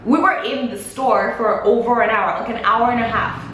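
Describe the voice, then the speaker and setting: A woman's voice: a little high, moderate pace. A young woman vlogger telling a story in a casual chat, acting out what everyone said. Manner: animated, acts out quoted dialogue. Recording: echoey room with faint hiss.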